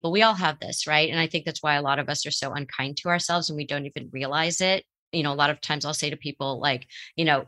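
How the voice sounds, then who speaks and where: A middle-aged woman therapist giving calm, reflective advice to a caller and explaining with examples. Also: deep voice, quick pace. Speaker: therapist guest. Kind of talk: advice talk on a call-in show.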